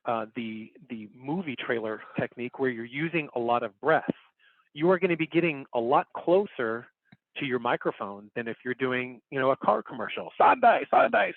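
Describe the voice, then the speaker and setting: A man's voice: mid-range voice, dry recording. A man teaching an online workshop, explaining step by step and repeating key points in a casual, upbeat way while he demonstrates on screen. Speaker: workshop instructor. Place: home recording setup. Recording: dry, phone-like online call audio.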